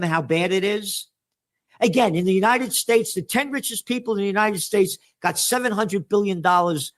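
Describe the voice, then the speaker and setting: A man from the Bronx with a New York accent, a trend forecaster guest in an interview, talking in a heated, sarcastic way full of rhetorical questions. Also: sits high. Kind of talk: ranting interview answer.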